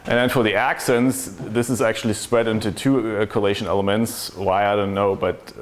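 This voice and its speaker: Man, low voice, technical conference speaker, explanatory, faint background noise. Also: steady tone, moderate pace. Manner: explanatory, asks rhetorical questions.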